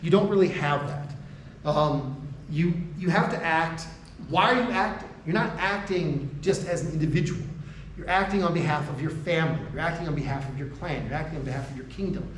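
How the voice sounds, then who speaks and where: American man, lecturer, conversational, keeps asking "right?", slightly high voice, distant mic, echoey room. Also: brisk, slight background noise. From United States. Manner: conversational, frequent "right?" checks and restarts; laughs between points. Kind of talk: university lecture to faculty.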